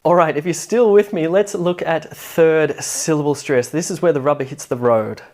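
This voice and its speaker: A man teaching English pronunciation in an online lesson, who drills words slowly and adds wry asides. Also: on the high side, darkish tone. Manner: emphatic, drills words slowly and repeats them.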